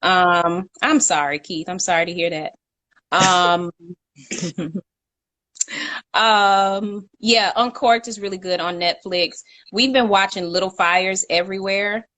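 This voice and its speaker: A woman's voice: mid-range voice, steady tone, slow, a bit bright, no room sound. A young woman co-hosting a casual live chat, talkative and laughing, reading out viewer comments. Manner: chatty, laughs often, reads out viewer comments. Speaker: co-host.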